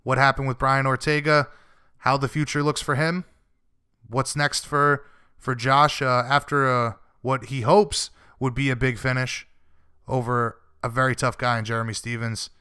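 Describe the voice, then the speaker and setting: A man's voice: mid-range voice, level tone, normal speed, bright, forceful tone, clear, resonant tone. A man hosting a sports radio show, chatting easily with his guests and laughing along.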